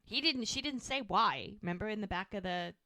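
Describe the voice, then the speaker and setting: A woman's voice: mid-range voice, lively intonation, brisk, bright, forceful tone, no room sound. A woman podcast co-host chattily recapping a TV episode, full of "like" and "he's like". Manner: chatty storytelling, frequent "like" and "he's like".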